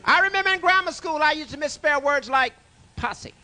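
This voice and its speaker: Stand-up guy at a club, real high voice swinging all over, jokey, keeps tripping on his words. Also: a little fast. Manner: animated, jokey, stammering restarts; banters with the crowd and waiter. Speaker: stand-up comedian. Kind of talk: stand-up comedy set. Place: comedy club stage.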